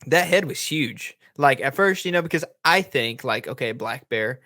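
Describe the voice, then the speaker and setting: A man, a podcast co-host chatting casually and asking relaxed follow-up questions. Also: mid-range voice, moderate pace, no room sound, clean studio sound. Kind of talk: casual chat.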